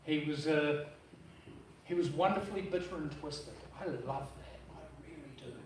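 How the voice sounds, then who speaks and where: A man with a high voice delivers a casual, blunt eulogy, full of slang and the odd swear word. He sounds distant from the mic in a very echoey room. A faint hum of the room sits behind him. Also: moderate pace, darkish tone. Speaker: brother-in-law giving a eulogy. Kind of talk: informal eulogy at a memorial service. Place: memorial service venue.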